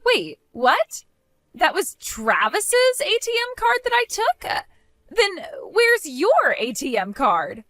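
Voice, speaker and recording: A woman's voice: very high-pitched, wildly swooping pitch, slow, sharp tone, no echo, soft background music, voice pushed up, exaggerated voice. A woman voicing a greedy, entitled young sister-in-law with a whiny, sing-song, demanding manner in a voiced story drama. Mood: scheming.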